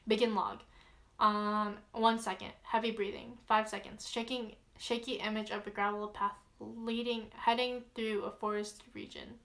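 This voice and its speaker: A woman's voice: mid-range voice, flat delivery, moderate pace, vocal fry, fairly bright tone. A woman casually reading a horror log aloud as a vlogger, chatty, easily spooked, with many fillers.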